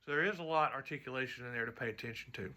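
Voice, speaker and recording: A man's voice: mid-range voice, rapid-fire, sharp tone. A man teaching trombone audition music, explaining mistakes in his own playing and singing rhythms to show them, with joking asides. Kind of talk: music clinic instruction.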